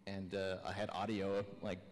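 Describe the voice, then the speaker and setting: A man with a lowish voice rambles through his stories on a panel, full of fillers and restarts. His voice is picked up in a big convention hall with long reverb trailing off. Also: flat delivery, normal speed. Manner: rambling, filler-heavy storytelling. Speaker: panel guest animator. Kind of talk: casual panel talk.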